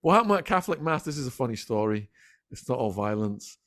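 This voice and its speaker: A middle-aged man, a podcast guest telling animated stories in a casual interview. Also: medium pitch, no echo, studio quality. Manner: animated, quick anecdotal storytelling. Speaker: podcast guest, former prisoner.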